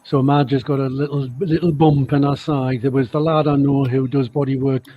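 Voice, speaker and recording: A man's voice: medium pitch, little pitch movement, moderate pace, dull audio, noisy background. Joking man who wanders off on tangents. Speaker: co-host. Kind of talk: casual chat.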